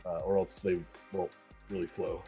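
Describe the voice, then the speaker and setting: A man's voice: deep voice, flat delivery, normal speed, creaky, mellow, faint music behind. A man co-hosting a casual comic book review show, teasing his partner and laughing easily. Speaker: podcast co-host.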